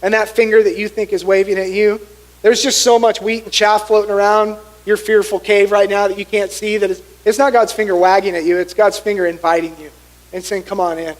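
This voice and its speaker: A man's voice: high-pitched, level tone, brisk, low-quality recording. A middle-aged man preaching a sermon as pastor in a church, telling the story with acted-out voices. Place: church sanctuary.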